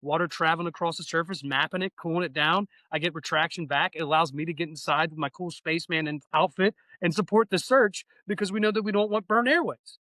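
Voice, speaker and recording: A man's voice: on the high side, steady tone, fast talker, few pauses, pushed and bright, dry recording, low-quality recording. A man in his thirties, a fire training instructor, talking enthusiastically and casually as a podcast guest, acting out conversations. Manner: enthusiastic, slangy, acts out dialogue.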